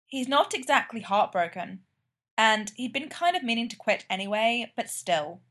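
A woman narrating fan fiction aloud in a plain, even way. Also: a little high, normal speed. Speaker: reader.

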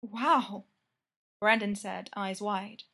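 A woman narrating a romance story with steady, intimate storytelling. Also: mid-range voice, a little slow.

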